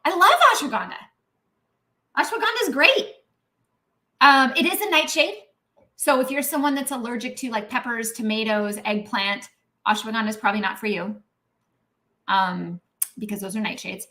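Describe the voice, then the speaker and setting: A middle-aged woman, a naturopathic doctor, talking casually and animatedly in a live Q&A, with lots of "um" and "right?", now and then clearing her throat. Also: a little high. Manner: chatty and animated, acts out inner voices; frequent "um" and "right?" tags.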